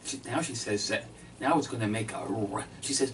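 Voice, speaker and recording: A man telling a comic story as a magician, with halting, deadpan delivery full of fillers. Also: medium pitch. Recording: distant mic, faint background noise.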